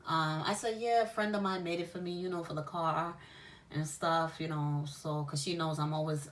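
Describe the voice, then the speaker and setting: A woman telling a casual story about being pulled over, animated and profane, often laughing and acting out the exchange. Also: sits low, moderate pace, far from the mic. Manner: lively, animated, swearing, with laughs. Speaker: spiritual shop owner and storyteller.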